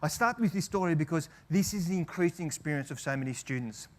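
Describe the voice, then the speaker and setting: A professor telling a lively personal story to an audience, acting out family voices and often restarting his sentences. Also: a little high, fast. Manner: animated, chatty, acts out family voices, frequent restarts. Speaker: professor giving a presentation.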